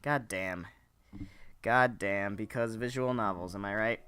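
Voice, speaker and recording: A man's voice: lowish voice, a little slow, sharp tone, clear, resonant tone. A man hosting a let's play, reading a visual novel aloud and breaking off for crude joking asides. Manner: joking, crude asides between read lines.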